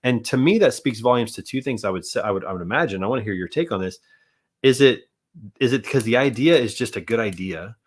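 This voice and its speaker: A man's voice: mid-range voice, animated, fast. A man hosting a podcast, chatting casually and joking with his guest. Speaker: podcast host. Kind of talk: casual interview chat.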